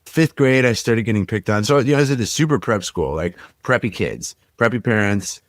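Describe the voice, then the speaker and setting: A young man with a very low, deep voice recounts his own past on a podcast, speaking reflectively and leaning on "like" and "you know." The sound is close and dry, with no room around it. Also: animated, fairly quick, dry recording. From Minnesota. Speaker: podcast guest. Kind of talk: personal storytelling in a podcast interview.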